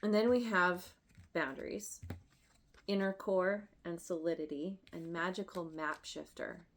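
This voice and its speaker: Slow, emotional woman tarot reader. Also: fairly low pitch, fairly even intonation. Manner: emotional, effusive, halting with restarts and laughs. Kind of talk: tarot reading to camera.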